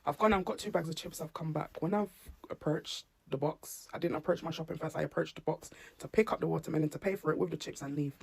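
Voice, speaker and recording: A mum of children with special needs, from England, animatedly retells a personal incident to camera and acts out the dialogue. Her low, husky voice is creaky and darkish, and she talks quickly.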